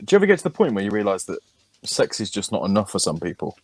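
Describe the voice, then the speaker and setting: A man with a fairly low voice trades crude, joking banter as a podcast co-host. The sound is close and dry, with no room around it. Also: very animated, racing, a little mellow, breathy edge, dry recording. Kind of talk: casual chat.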